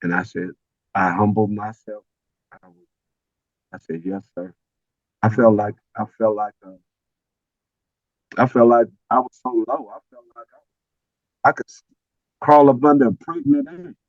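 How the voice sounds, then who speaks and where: An older man on a video call, telling a personal story as a guest, animated and often repeating words as he restarts. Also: fairly low pitch, normal speed, creaky, pauses often, no echo, highs cut off.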